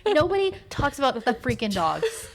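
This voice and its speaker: A woman co-hosting a podcast in casual chat, chatty and affirming as she jumps in with quick reactions. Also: high voice, big pitch swings. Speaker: podcast co-host.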